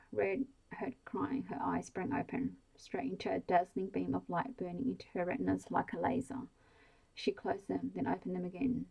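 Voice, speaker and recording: A woman reads a bedtime story in a soft, hushed ASMR voice, slow and steady. Her tone is low and dark, with a gravelly, breathy grain, and it barely rises or falls. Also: poor audio. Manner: slow, hushed, even delivery.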